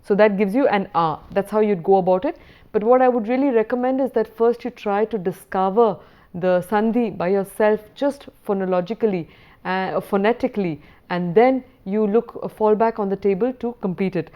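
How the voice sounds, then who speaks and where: A woman lecturer talks through a recorded university lesson in a patient, explanatory way. Her voice sits at a middle pitch. The recording sounds a little dull and lo-fi. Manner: patient, explanatory, reads verse slowly.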